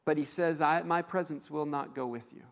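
Animated pastor preaching in a reverberant hall. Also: male voice, on the high side, moderate pace, vocal fry. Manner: animated storytelling preacher with fillers. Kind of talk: sermon.

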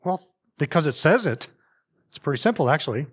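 A man's voice: fairly high pitch, sing-song, a little fast, husky. Folksy man preaching a sermon. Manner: folksy, conversational preaching with asides to the congregation. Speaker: family pastor.

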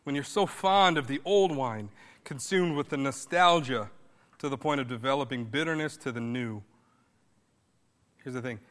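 A man's voice: mid-range voice, moderate pace, long pauses, fairly bright tone, long reverb tail. A man pastor preaching a sermon in a conversational style, rising now and then to emphatic bursts.

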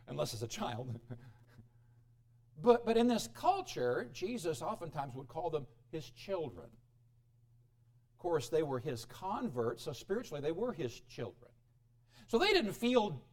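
A man preaching a sermon as pastor, animated, swinging between loud exclamations and quiet asides. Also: fairly high pitch, a little slow, long pauses. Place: church.

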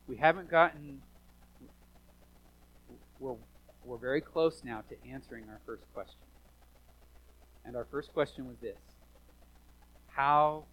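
A man preaching a sermon as pastor, animated, swinging from hushed asides to loud emphatic lines, in a church. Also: medium pitch, slightly rough, low-quality recording.

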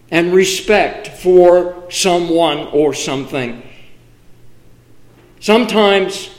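Male preacher, high-pitched, unhurried, emphatic, with measured pauses. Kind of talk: sermon. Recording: echoey room.

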